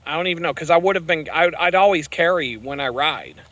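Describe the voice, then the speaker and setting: Male vlogger, profane rambling rant while cycling outdoors, bright forceful voice. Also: fairly high pitch, fairly quick, no echo. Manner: profane, ranting. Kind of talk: rambling vlog while riding. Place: outdoors on a bicycle on the road.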